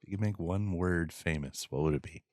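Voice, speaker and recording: Deep-voiced laughing male host. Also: a little fast, a little mellow, no echo, studio quality. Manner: laughs often, teasing. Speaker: podcast host. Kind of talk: casual chat.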